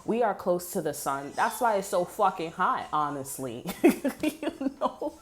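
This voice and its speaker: A woman's voice: lowish voice, lively intonation, moderate pace, fairly bright tone. A woman giving a casual spoken tarot reading, blunt, heated and full of swearing. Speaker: tarot reader.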